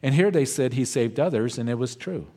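Brief: male pastor, mid-pitched voice, measured verse-by-verse sermon delivery. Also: expressive, mellow. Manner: slow, deliberate, verse-by-verse teaching. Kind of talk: expository sermon.

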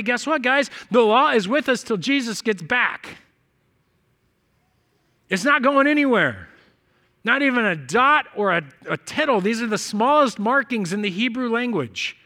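High, bright-voiced male pastor preaching. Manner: conversational, storytelling with quick acted-out dialogue. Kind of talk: sermon. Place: church.

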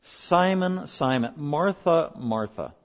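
A man doing a gentle, calm rebuker. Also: moderate pace. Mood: gentle rebuke. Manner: soft, calm, lowered voice. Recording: dull lo-fi recording.

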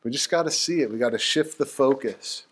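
Male Bible teacher, casual and animated, filler-heavy storytelling. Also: medium pitch, brisk, breathy edge.

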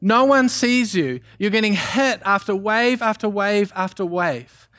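A young man from New preaching a sermon, telling a story with jokes in an animated way. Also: high-pitched, a little slow. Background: band playing softly.

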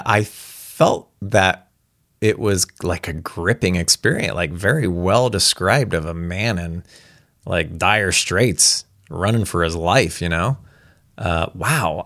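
Low-voiced male reader with a gravelly edge, reads then chats loosely about it. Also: a bit bright, no room sound, clean studio sound. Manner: rambling, with many fillers when commenting. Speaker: story reader. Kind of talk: reading a story aloud, then casual reaction.

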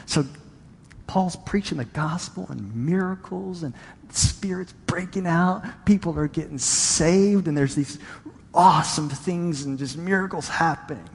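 A man's voice: a little high, measured pace, vocal fry, husky, in a large hall. A male pastor giving a conversational sermon, reading and paraphrasing scripture with emphasis.

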